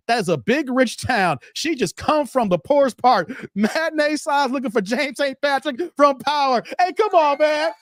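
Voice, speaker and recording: A man's voice: sits high, dry recording. Man from chicago, live stream host, casual reactive chat, dry close sound. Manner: animated, laughs often, reads viewer messages aloud.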